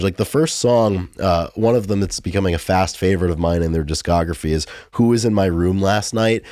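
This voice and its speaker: A man with a very low voice co-hosts a relaxed music podcast. He talks in loose, rambling runs full of "like" and "um". The sound is dry and close to the mic. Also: dry recording. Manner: rambling, filler-heavy, enthusiastic. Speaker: podcast co-host. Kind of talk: casual music podcast chat.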